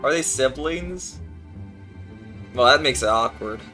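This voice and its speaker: A man's voice: medium pitch, expressive, slow, sharp tone, faint music behind. A man streaming a game, chatting casually and ad-libbing jokes over it. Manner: jokey, ad-libbing, breaks into laughter. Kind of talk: casual gaming stream chat.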